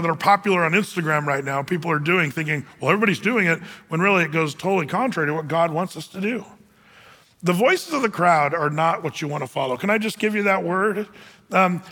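A man's voice: sits high, pushed and bright, big-room sound. A male pastor preaching a sermon in a loose, conversational way, often restarting and repeating words.

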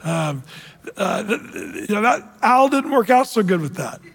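A man giving an informal sermon as a pastor, halting in his talk and slowing down to read scripture deliberately. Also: high voice, sing-song, gravelly, a bit bright, breathy edge, in a large hall. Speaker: pastor giving a prophecy update.

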